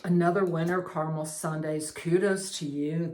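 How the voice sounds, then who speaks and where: A middle-aged woman with a somewhat low voice talks through a candle haul in a relaxed, chatty way. She reads out scent notes and drifts into a personal story. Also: slight background noise. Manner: chatty, unhurried, savoring each scent aloud. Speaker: candle reviewer. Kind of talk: casual product review and storytelling.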